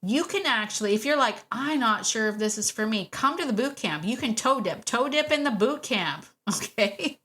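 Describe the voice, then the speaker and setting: A woman hosting a solo podcast about dog training, chatty and warm, laughing often and repeating phrases for emphasis. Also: fairly high pitch, expressive, moderate pace. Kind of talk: casual solo podcast talk.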